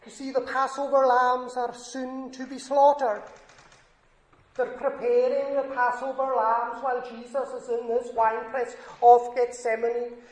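A man's voice: extremely high pitch, flat delivery, unhurried. A man preaching a sermon in an earnest, emphatic way, lifting his voice on scripture quotes. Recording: echoey room.

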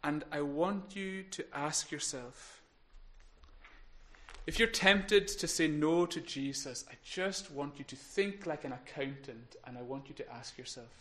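A man preaching a sermon in an earnest way, building to emphatic peaks and then dropping quiet. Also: a little high, a little slow. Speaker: pastor.

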